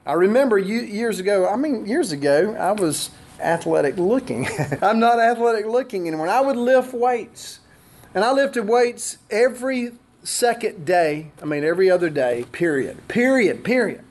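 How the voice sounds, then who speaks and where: Middle-aged guy preaching, highish voice, chatty sermon w/ jokes about himself. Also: animated, moderate pace, darkish tone. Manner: conversational preaching with asides and self-deprecating humor. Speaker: pastor.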